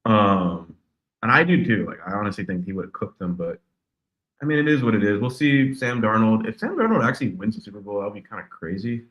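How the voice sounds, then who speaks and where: A man co-hosting a casual sports chat, slangy and animated, often mimicking people in a higher voice. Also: brisk, muffled recording. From California. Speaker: podcast co-host.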